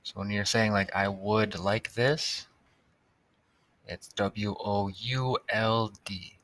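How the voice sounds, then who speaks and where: A man's voice: fairly low pitch, fairly even intonation, slow, a bit bright, dry recording. A man teaching a recorded tutorial for young students, patiently sounding out words and spelling them letter by letter.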